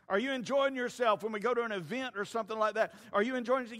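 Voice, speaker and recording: A man's voice: high voice, expressive, quick pace, hardly any pauses, fairly bright tone. A man preaching a sermon, telling folksy family stories with stumbling restarts. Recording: long reverb of a large hall.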